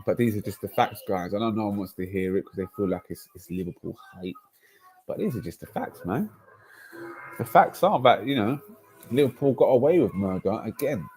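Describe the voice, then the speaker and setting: A man, hosting a casual football livestream, ranting in slang and swinging between loud outbursts and low mutters. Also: lively intonation, fairly quick, soft background music. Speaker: football streamer.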